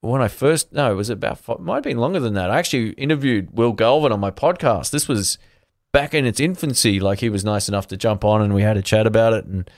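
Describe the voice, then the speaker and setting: A man's voice: lowish voice, fast, dry recording, studio quality. A man hosting a guitar channel, chatting casually on a livestream and answering viewers, rambling and restarting his sentences in an easygoing way.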